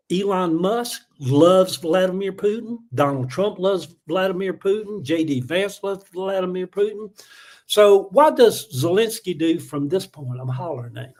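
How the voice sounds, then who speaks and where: A man's voice: high-pitched, darkish tone. Heated Southern man ranting on a livestream. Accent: Southern US, Atlanta. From Atlanta, USA. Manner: rambling, heated, chuckling, many fillers. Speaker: livestream host. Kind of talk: casual political rant.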